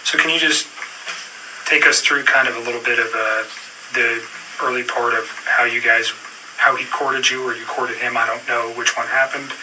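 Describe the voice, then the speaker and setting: A man questioning a witness as a police detective in an interview room, calm and procedural, with frequent fillers. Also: medium pitch, moderate pace. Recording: distant room recording with clear noise.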